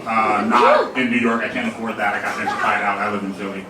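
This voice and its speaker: A man's voice: on the low side, little pitch movement, fast talker, noisy background. A young man doing a loose, profane stand-up set in a comedy club, laughing at his own jokes. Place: comedy club main room. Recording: echoey club room, mic at a distance.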